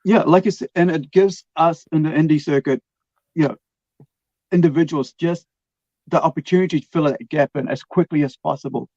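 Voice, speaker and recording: A man's voice: a little high, a little fast, dark tone, no room sound, dull audio. A man hosting a podcast in casual chat, rambling with many restarts and fillers. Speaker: podcast host.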